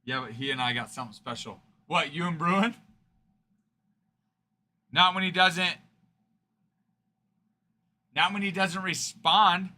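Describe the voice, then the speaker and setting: A man's voice: a little high, slow, pauses often, bright, forceful tone. A man hosting a card-breaking livestream, chatting and teasing viewers in a casual, joking way. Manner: chatty, teasing banter, fond of the word 'frickin''.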